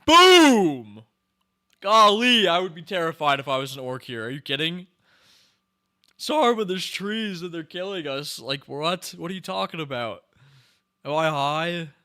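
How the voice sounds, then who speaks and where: A young man with a bright, forceful voice gives casual running commentary on a film he is watching. He is excitable and keeps exclaiming and talking back at the screen. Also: a little high, moderate pace, smooth. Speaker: podcast host. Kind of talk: casual movie reaction commentary.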